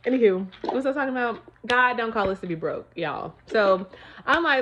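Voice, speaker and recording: A fairly high-voiced woman talks straight to her viewers at home, chatty and emphatic as she shares her faith. Her sound is dull and lo-fi, like a home video. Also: expressive, fairly quick, a bit bright, slight background noise. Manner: chatty, emphatic, keeps calling viewers y'all. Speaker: vlogger. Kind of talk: casual faith testimony to viewers.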